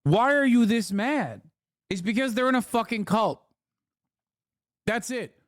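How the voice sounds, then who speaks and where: A man's voice: very high-pitched, lively intonation, unhurried, dry recording, clean studio sound. A man streaming live, reacting to clips with profane, sarcastic ranting commentary. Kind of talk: casual livestream commentary.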